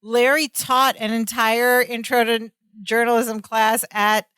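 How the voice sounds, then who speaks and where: A woman co-hosting a podcast, recapping a sitcom episode in casual chat with quick laughs. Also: a little high, level tone, fairly bright tone, clear, resonant tone, no room sound. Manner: chatty, recounts scenes with quick laughs. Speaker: podcast co-host.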